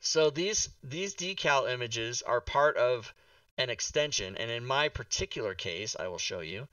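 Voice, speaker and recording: A man's voice: medium pitch, expressive, measured pace, bright, forceful tone, no echo, recorded from a distance. A man hosting a casual talk show livestream, exasperated and swearing, with many restarts.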